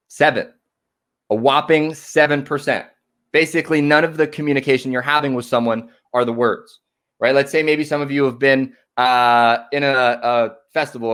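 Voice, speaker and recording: A man's voice: medium pitch, a bit bright. A man giving a motivational talk on connection as a workshop presenter. He ends nearly every sentence with "right?" and acts out short conversations. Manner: acts out small dialogues in shifting voices.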